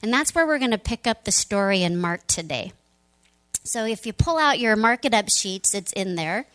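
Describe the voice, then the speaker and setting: A woman pastor giving a sermon, retelling a story in a conversational, animated way. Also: medium pitch, moderate pace, rough recording.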